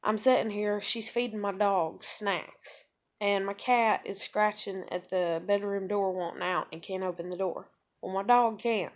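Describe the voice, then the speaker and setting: A woman's voice: medium pitch, steady tone, unhurried. A woman in her thirties venting in a rambling, profane monologue from a room at home. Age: 30s. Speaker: vlogger.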